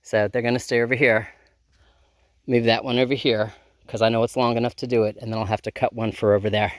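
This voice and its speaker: A gardening vlogger talks fast at medium pitch with little pitch movement, chatting to camera while working outdoors in a garden and hoop tunnel. They think aloud with many ums. It's filmed on a handheld phone, and the recording sounds dry.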